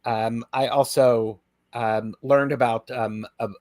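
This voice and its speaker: A man's voice: mid-range voice, steady tone, slow pace, a little mellow, no room sound. A man with an Ohio accent hosting a casual chat on a video call, talking with many fillers and restarts. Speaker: host.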